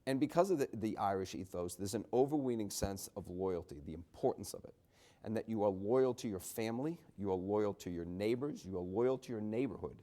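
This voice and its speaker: Man, low voice, middle-aged, from the Boston area, author at a book talk, chatty, wry. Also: expressive, a little fast, warm tone. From Boston area, USA. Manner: chatty, many restarts, wry asides. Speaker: author and journalist. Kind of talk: book talk, conversational storytelling.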